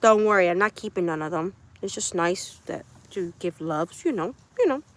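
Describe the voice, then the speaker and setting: A woman's voice: on the low side, animated, moderate pace. A woman hosting a casual livestream from her backyard chicken coop. She chats to viewers, repeats herself and coos to her animals. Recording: noisy outdoor phone stream.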